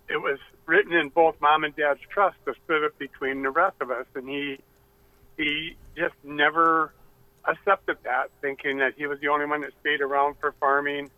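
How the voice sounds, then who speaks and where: A male caller tells his story on a radio show. His voice is fairly high and bright with a tense edge, and he speaks haltingly. The sound is close and dry. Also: no echo, rough recording. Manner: halting, with fillers. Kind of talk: telling a family story on a call-in show.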